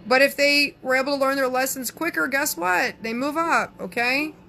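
Southern woman psychic, brash and chatty, bright edgy tone, faint room hiss. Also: high-pitched, steady tone, moderate pace. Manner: sassy, brash, reads viewer comments aloud. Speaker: psychic answering live chat. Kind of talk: casual live-stream chat.

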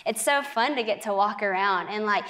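A woman's voice: medium pitch, moderate pace, pushed and bright. A young woman on a faith talk show, telling a personal story earnestly, with frequent "like" and small laughs. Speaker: guest speaker.

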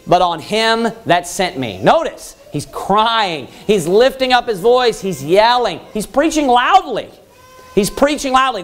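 A man preaching a Baptist sermon loudly and emphatically, repeating his points and rising to yelling. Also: high-pitched. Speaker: pastor.

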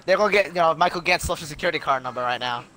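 A man's voice: fairly high pitch, racing, a crowd in the background. A young man in casual gaming chat with friends, cracking jokes and laughing often.

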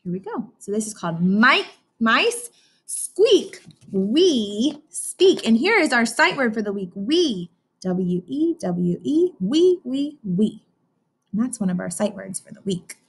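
A woman's voice: a little high, sing-song, measured pace, gravelly, breathy edge. A woman teacher reading a picture book aloud to children, asking them questions and imitating animal sounds. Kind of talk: children's read-aloud lesson.

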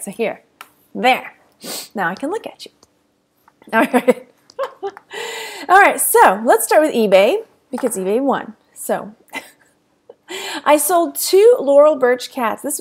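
A woman's voice: a little high, darkish tone. A woman with a Texan accent chatting casually to camera as a reselling vlogger, rambling and laughing often, a little tired. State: tired, yawning.

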